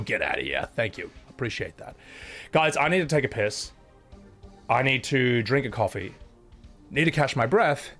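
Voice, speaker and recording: Scottish guy streaming, swears a lot, voice jumps all over, some quiet music behind. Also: medium pitch. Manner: blunt and sweary, thanks viewers between rants. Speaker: livestreamer. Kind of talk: casual live-stream chat.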